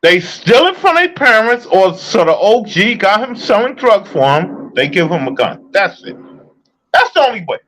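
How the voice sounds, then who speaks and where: A man's voice: sits high, very animated, normal speed, fairly bright tone. A man giving heated, profane casual commentary while reacting to a video, repeatedly incredulous. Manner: heated, incredulous, swears a lot.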